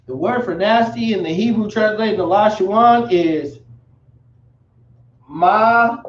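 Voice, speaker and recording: A man teaching a language lesson, spelling words out slowly with casual slang asides. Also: high-pitched. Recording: roomy, dull, from a distance.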